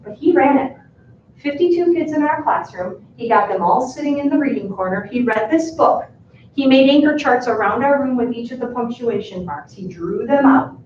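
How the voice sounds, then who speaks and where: Teacher lady giving a talk, lively storytelling, muffled sound with faint background noise. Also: on the high side, normal speed, distant mic. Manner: lively storytelling that acts out dialogue. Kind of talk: storytelling talk to fellow educators. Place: school presentation room. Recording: echoey room, voice from afar, muffled sound.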